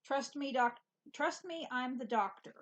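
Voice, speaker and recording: Her voice high and her pace measured, this mom co-hosting a stitching chat speaks in a dry, matter-of-fact way, using fillers and restarting sentences. There's a little hiss or hum in the recording.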